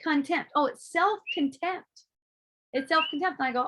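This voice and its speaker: High-voiced woman giving a casual spiritual talk. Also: moderate pace. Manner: animated, swearing, acting out her own inner voices, laughing often. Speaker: spiritual teacher.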